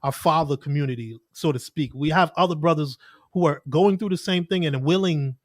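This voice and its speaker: A man's voice: a little high, a little fast, no room sound, studio quality. A man, a podcast guest telling stories in earnest, casual conversation. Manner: earnest storytelling with lots of "like" and quoted asides.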